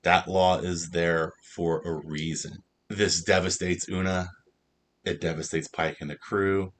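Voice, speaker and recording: A man's voice: sits low, little pitch movement, measured pace. A man casually recapping and reviewing a TV episode, in a loose, rambling way with plenty of fillers. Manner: loose, filler-heavy retelling. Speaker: TV show reviewer.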